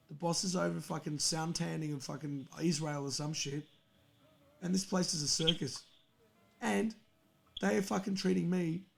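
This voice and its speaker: Aussie guy ranting on his stream, swears a lot, kinda high and gravelly. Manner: profane, heated storytelling. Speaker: podcast host. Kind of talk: angry casual rant on a stream.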